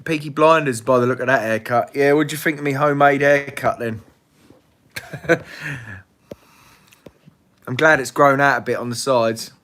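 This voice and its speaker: A man's voice: medium pitch, normal speed, long pauses, fairly bright tone. A man hosting a casual live Q&A, blunt and swearing freely, laughing often. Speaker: livestream host.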